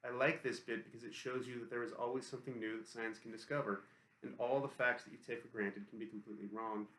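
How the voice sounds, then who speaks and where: Brisk man narrating an audiobook. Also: mid-range voice, fairly even intonation, fairly bright tone. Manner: brisk, matter-of-fact, literal reading. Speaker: audiobook reader. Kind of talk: first-person novel narration. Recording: roomy echo.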